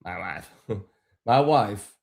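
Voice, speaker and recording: A man's voice: on the low side, animated, very slow, gravelly, a little mellow. A man casually telling a long, frustrated story on a live stream, rambling and swearing freely.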